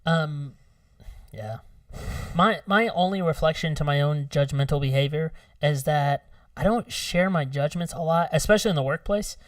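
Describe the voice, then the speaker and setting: A man's voice: on the high side, moderate pace, no room sound. A man co-hosting a podcast in casual chat, reflective and wry. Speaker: podcast co-host. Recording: dry, distant from mic.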